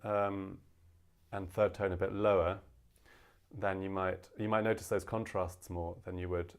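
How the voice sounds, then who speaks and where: A man teaching a casual language lesson, explaining with many fillers and slowing down to demonstrate pronunciations. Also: low voice, flat delivery, smooth.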